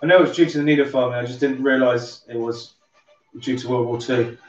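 A man's voice: medium pitch, fairly even intonation, brisk. A man with a light Somerset twang hosting a casual drink-along livestream, chatting in a rambling way and swearing offhandedly. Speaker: livestream host. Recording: roomy, distant, dull sound with music behind.

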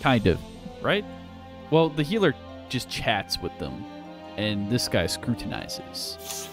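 A man's voice: medium pitch, sing-song, takes it slowly, over music. A man hosting a let's play, commenting casually and playfully, sometimes reading game dialogue aloud. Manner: playful, reads dialogue aloud half in character.

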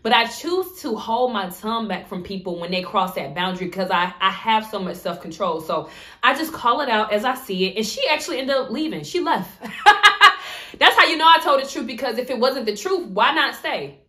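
A woman's voice: fairly high pitch, brisk. A woman telling a story in a casual vlog, acting out what people said and laughing often. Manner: animated storytelling, acts out quotes. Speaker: vlogger.

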